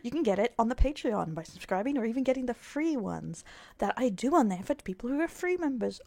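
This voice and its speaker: A woman's voice: fairly high pitch, big pitch swings, brisk, vocal fry, dark tone, dry recording. A woman hosting a reaction video, chatting casually with giggly, rambling asides.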